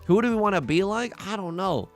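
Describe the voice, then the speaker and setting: A young man streams a tile game, joking and talking through his moves with his chat. His voice sits a little high and jumps around a lot, with a gravelly edge. Faint music plays under him. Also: animated, fairly quick. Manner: playful, jokey, talks to chat. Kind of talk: live game commentary.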